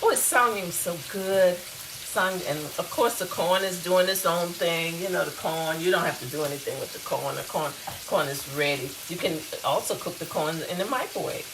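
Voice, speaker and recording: A woman's voice: on the low side, moderate pace, noisy background. A woman hosts a casual home cooking demonstration, chatting in a folksy way straight to her viewers. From US South. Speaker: cooking show host. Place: home kitchen. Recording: loud frying sizzle behind voice. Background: food sizzling in a frying pan.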